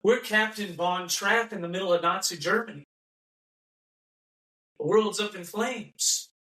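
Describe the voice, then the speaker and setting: A man with a high, bright voice rants through a mocking monologue and keeps circling back to repeat his points. He sounds set back from the microphone in a room with a lot of echo. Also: a little slow. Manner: ranting, repetitive, mocking, acts out quoted voices. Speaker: podcast host. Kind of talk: impassioned monologue. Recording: echoey room, voice from a distance.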